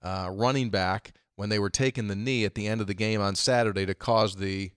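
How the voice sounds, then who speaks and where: A man hosting a casual sports chat, telling stories in an animated way and chuckling as he mimics the people he quotes. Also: fairly quick, smooth, dry recording, clean studio sound. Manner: animated, acts out quoted voices with big jumps in pitch; chuckles often while telling a story. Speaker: podcast host.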